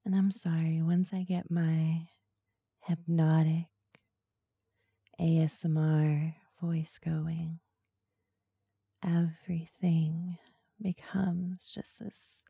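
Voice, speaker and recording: A woman hosting a podcast in a soft, breathy, slow and seductive ASMR-style voice. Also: fairly low pitch, dry recording, studio quality. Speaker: podcast host.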